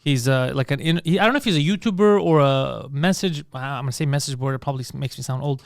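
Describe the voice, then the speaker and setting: A man's voice: medium pitch, quick pace, creaky, clean tone, no room sound, clean studio sound. A man co-hosting a comedy podcast, telling crude stories in casual banter. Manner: crude, animated storytelling with acted quotes. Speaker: podcast co-host.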